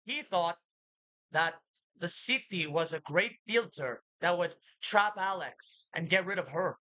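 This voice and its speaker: A woman's voice: fairly low pitch, lively intonation, measured pace, sharp tone. A woman talking in a rambling monologue to her viewers, often speaking of herself in the third person, blunt and profane. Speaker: vlogger.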